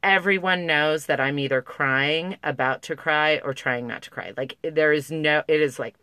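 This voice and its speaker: A woman's voice: low voice, normal speed, pushed and bright, clean tone, no room sound. Emotional woman vlogging to camera, close to tears, rambly with likes and restarts, pretty dry close sound. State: on the verge of tears. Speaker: parenting vlogger. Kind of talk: casual talk to camera.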